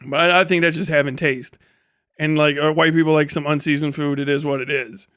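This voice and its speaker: A middle-aged man hosting a livestream, talking in a casual, animated rant with frequent swearing and incredulous outbursts. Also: on the high side, brisk, clear, resonant tone. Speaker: livestream host.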